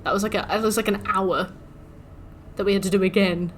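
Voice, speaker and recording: A woman's voice: mid-range voice, steady tone, brisk, a little hiss or hum. A young woman streaming a game, chatting casually and ranting with swearing as she mimics the game's taunts. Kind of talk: casual livestream chat while gaming.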